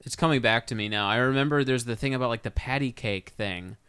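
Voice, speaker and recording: Young male co-host, bright and crisp, dry close mic, eager film fan. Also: mid-range voice, fast, no echo. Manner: enthusiastic, recommends films. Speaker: podcast co-host. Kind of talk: casual chat about movies.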